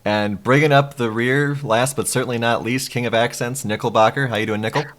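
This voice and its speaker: A man's voice: mid-range voice, steady tone, brisk, a bit bright. A man opening an esports broadcast as caster, introducing each member of the crew with announcer energy. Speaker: play-by-play caster.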